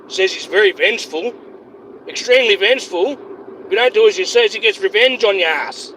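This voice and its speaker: A man delivers a heated, profane livestream rant, circling back over his points again and again. His voice sits high for a man. Faint hiss runs under him. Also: fairly quick, sharp tone. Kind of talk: ranting livestream monologue.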